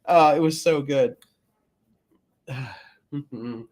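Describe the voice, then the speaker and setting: A man co-hosting a podcast in casual chat, rambling with many fillers and often trailing off quietly. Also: a little high, extremely slow. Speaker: podcast co-host.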